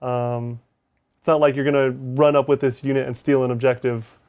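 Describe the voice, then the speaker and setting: A man's voice: mid-range voice, flat delivery, moderate pace, a little mellow. A man co-hosting a casual gaming chat who thinks aloud and hedges with "right?". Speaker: co-host.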